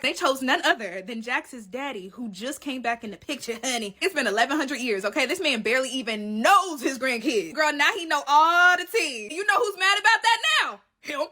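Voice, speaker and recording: A woman recapping a TV show in a casual reaction video, sassy and animated, calling the viewer baby and girl. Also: high voice. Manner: dramatic exclamations and side comments. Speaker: TV recap creator.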